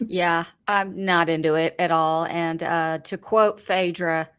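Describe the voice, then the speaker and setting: A woman's voice: fairly low pitch, steady tone, slow pace, fairly bright tone, smooth. A woman co-hosting a reality-TV podcast in playful, casual chat. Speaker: podcast co-host.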